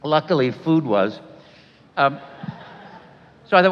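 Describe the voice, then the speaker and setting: Male voice actor, animated storyteller, expressive pitch, dull sound in a large hall. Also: moderate pace, long pauses. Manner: animated, voices other people in his stories. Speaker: voice actor guest. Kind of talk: stage storytelling.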